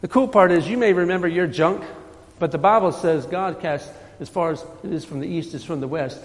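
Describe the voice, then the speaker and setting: A man's voice: fairly high pitch, fairly quick. A man preaching a sermon in a church, emphatic and repetitive, his voice rising when he quotes scripture. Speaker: pastor. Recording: hall reverb.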